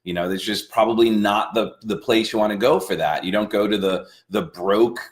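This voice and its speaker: A man co-hosting a casual motivational talk, speaking in a measured, reflective way. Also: on the low side. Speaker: co-host.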